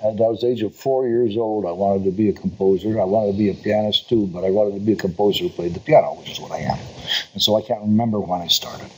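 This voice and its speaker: A man's voice: on the low side, steady tone, quick pace, a little hiss or hum, low-quality recording. An older man, a composer, answering interview questions in a reflective, digressive way. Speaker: composer and guest. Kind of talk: conversational interview. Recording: online video call stream.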